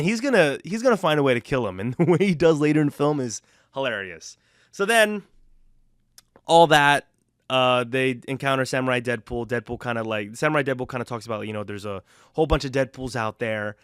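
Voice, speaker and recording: A man's voice: medium pitch, fairly bright tone, clear, resonant tone, dry recording, clean studio sound. A young man giving a casual, rambling movie review, enthusiastic and full of fillers and restarts.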